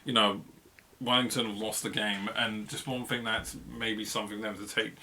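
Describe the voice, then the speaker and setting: A man's voice: on the low side, level tone, moderate pace, bright, forceful tone, a little hiss or hum. A man co-hosting a football review podcast, chatting casually and rambling with lots of fillers and laughs. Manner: rambling, filler-heavy, laughs mid-sentence.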